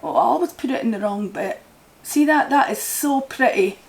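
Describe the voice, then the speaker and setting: Chatty Scottish woman, fairly high voice. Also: moderate pace, creaky. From Scotland. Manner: chatty, rambling, enthusiastic. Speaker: crochet vlogger. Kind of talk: casual yarn haul chat. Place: home. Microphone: camera mic.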